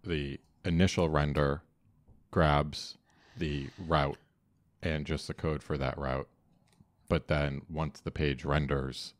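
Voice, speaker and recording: A man's voice: very deep voice, level tone, slow, no room sound. A man co-hosting a podcast, chatting casually and hesitantly, often restarting his phrases. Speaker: podcast co-host. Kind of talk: casual technical chat.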